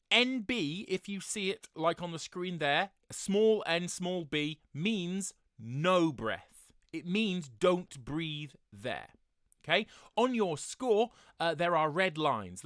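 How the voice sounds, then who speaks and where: A man directing a choir, explaining breathing in a relaxed tutorial with many fillers. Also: on the high side, dry recording, clean studio sound.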